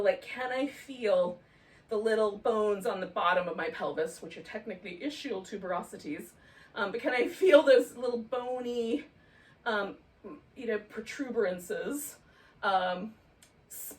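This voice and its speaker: A woman's voice: on the high side, expressive, normal speed. Chatty middle-aged woman guiding yoga. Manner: chatty and self-deprecating, with frequent ums and laughs. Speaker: yoga teacher. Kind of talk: guided yoga class instruction. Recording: voice from a distance off the mic, faint noise.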